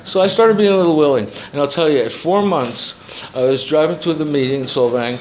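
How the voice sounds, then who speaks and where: An older man in his seventies, voice sitting a little higher than most men's, shares his story with a roomful of people at a recovery meeting. He rambles and swears freely, poking fun at himself as he goes. A faint hum of room ambience sits under his voice. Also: fairly quick, low-quality recording. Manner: rambling, profane storytelling with self-mocking humor. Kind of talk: personal testimony to a group. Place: meeting room with a small audience.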